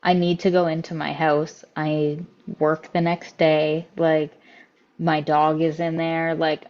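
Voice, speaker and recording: Blunt, swearing woman with low voice. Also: level tone, slow, darkish tone, highs cut off. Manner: blunt, profane, frequent 'like' fillers. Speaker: podcast guest. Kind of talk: casual storytelling.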